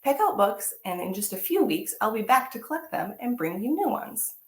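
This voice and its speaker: A woman's voice: a little high, very animated, moderate pace, roomy sound. A woman voicing a kind male librarian in a storybook, speaking in a friendly, encouraging way to children.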